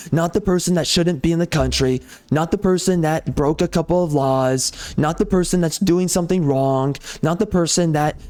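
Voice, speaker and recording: A man's voice: on the high side, darkish tone, smooth. A man ranting off the cuff over gameplay, heated and sarcastic, often repeating himself. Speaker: gaming channel host.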